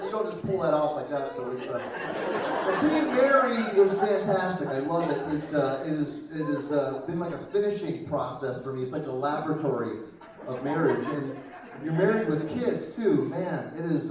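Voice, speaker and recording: A man in his thirties tells self-deprecating jokes on stage, working the crowd between bits. His voice sits high. The mic picks him up from a distance in a very echoey venue, with an audience laughing along behind him. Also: lively intonation, moderate pace. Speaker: stand-up comedian. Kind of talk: stand-up comedy set. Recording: echoey room mic'd from far off, crowd audible.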